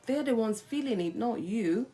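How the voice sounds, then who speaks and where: A middle-aged woman hosting a live-stream talk on marriage, coaching listeners in an earnest, animated way. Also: fairly high pitch, moderate pace. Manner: animated, acts out quarrelling spouses in quotes. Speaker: host.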